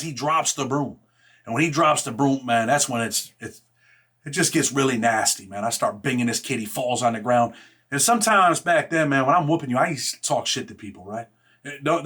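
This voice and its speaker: A man casually telling a personal story in rough street slang, blunt and profane, filling every pause with "man" and "right?". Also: mid-range voice, fairly bright tone.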